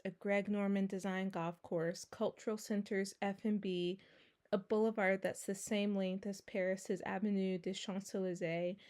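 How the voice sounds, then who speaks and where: A woman hosting a podcast, giving an earnest solo introduction with pauses and filler sounds. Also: mid-range voice, darkish tone. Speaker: podcast host.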